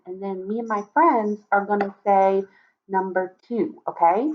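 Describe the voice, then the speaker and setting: A woman teaching a video lesson to young children from home, talking in an animated, sing-song way. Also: mid-range voice, measured pace, lo-fi sound. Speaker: kindergarten teacher.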